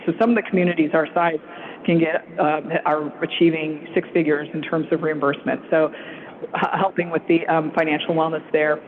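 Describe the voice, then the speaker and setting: Brief: woman, city staff, council briefing, hesitant delivery; narrow, lo-fi sound. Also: low voice. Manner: halting, many fillers and restarts.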